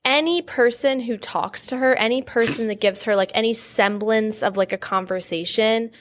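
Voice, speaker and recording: A woman's voice: a little high, normal speed, fairly bright tone, slight background noise. A woman co-hosting a podcast, chatting about a movie in a playful, gossipy, self-mocking way. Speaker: podcast co-host. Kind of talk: casual chat about a movie.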